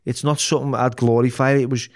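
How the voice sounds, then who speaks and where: A man's voice: mid-range voice, little pitch movement, quick pace. A middle-aged man, a podcast guest talking candidly, bluntly and full of swearing, often restarting his sentences. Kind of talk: candid interview talk.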